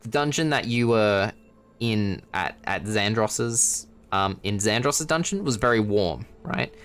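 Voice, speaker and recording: A man's voice: lowish voice, expressive, unhurried, fairly bright tone, clear, resonant tone. A man narrating as game master for a tabletop game in a casual, rambling way with lots of fillers.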